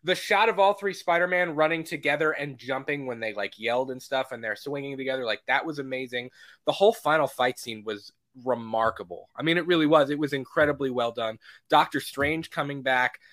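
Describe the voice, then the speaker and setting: A young man co-hosting a casual movie review podcast, excitedly retelling scenes. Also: mid-range voice, a little fast. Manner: excited, quotes scenes with laughter. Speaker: podcast co-host.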